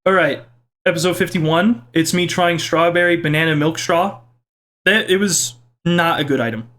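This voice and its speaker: A young man with a fairly high voice reads viewer comments aloud in a casual home video. He is playful and self-mocking, and his pitch jumps around as he jokes. He sounds like he is talking in his kitchen. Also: moderate pace, a bit bright. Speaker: YouTuber reading viewer comments.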